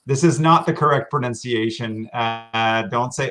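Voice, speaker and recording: An American man talks through slides like a tour guide on a live stream. His pitch sits in the middle, and he fills his pauses with ums and uhs. He sounds easygoing and friendly, heard through a computer mic. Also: fairly even intonation, a bit bright, soft background music. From Washington State, US. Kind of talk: casual presentation over slides.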